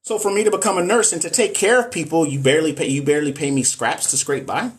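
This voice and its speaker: A man's voice: on the high side, fast talker. A middle-aged man, a nurse and NCLEX coach, chatting casually on a live stream and answering viewer comments in a frank, emphatic way.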